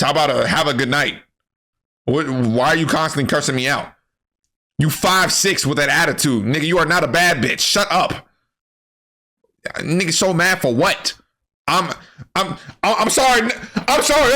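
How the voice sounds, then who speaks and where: A man giving a comedic, profane anime recap, animated and full of slang. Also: on the high side. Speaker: anime commentary creator.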